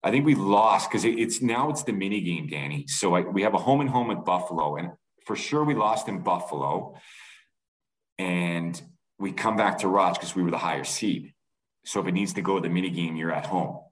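A middle-aged man from Canada, a former athlete, telling a rambling, animated story on a podcast. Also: low-pitched, moderate pace, poor audio. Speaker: former pro lacrosse player, guest.

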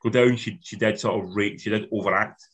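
A man's voice: on the low side, steady tone, a little fast, fairly bright tone, breathy edge. A man in a casual film review chat, giving blunt opinions in rambling sentences that often restart. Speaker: film podcast co-host.

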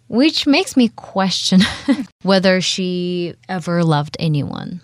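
Woman guest, Russian accent, slow and reflective, lowish dry voice. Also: lively intonation, dry recording. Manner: thoughtful, hedging, frequent laughs. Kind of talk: casual chat.

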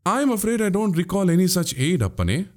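A man's voice: high voice, sing-song, fairly quick, a little mellow, voice pushed up. A man voicing a crafty older male spy in an audiobook, needling and mocking with pointed questions. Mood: teasing. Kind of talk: audiobook character voice.

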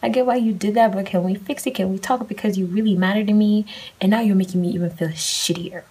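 A woman's voice: medium pitch, steady tone, fast, darkish tone, husky, rough recording. A young woman hosting a solo podcast, talking candidly and rambling, swearing casually as she shares her thoughts. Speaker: podcast host.

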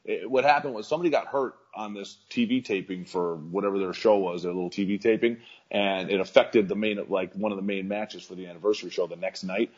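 A man with a very low, husky voice chats casually as an interview guest. He rambles along in a laid-back way, full of fillers and restarts. The audio comes through slightly muffled and lo-fi. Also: a little fast. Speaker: professional wrestler guest.

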